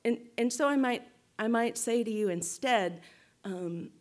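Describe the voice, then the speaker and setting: A woman guest speaker with a slightly high voice offers a reflective teaching to a group. She's measured and thoughtful, often checking in with "right?" and restarting her phrases.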